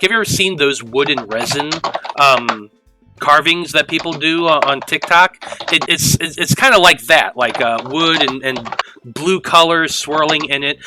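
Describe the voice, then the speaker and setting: A man narrating as game master of a tabletop role-playing game, rambling with halting restarts. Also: fairly high pitch, poor audio.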